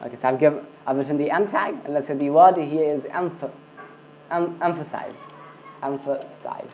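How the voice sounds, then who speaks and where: A man with a slightly high voice gives a screencast coding lesson at a moderate pace, leaning on "okay" and "I mean" and frequently restarting sentences. The dull lo-fi audio carries slight background noise.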